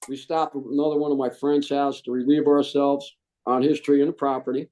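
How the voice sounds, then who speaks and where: A middle-aged man, a Marine veteran, telling his story in an interview, animated and acting out the voices he quotes. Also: medium pitch, fairly quick, gravelly.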